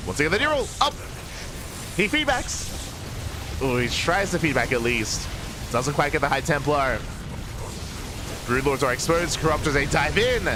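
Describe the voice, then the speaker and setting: A man calls a live esports match in fast play-by-play, his mid-range voice leaping into excited cries whenever a big play lands. Steady music plays clearly underneath him the whole time. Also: mid-range voice. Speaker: esports caster.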